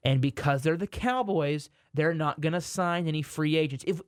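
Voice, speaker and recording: A man's voice: a little high, normal speed, hardly any pauses, dry recording, clean studio sound. A man, co-hosting a sports podcast in casual chat, rambling and correcting himself, sometimes exasperated.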